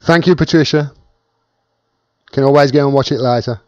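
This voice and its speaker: A chatty British man hosts a casual live-stream Q&A, talking at an average pitch. His voice is close and dry, with no room sound around it. The audio is dull and lo-fi, like a home webcam stream. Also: normal speed, dry recording. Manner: chatty, thanks viewers by name while reading comments.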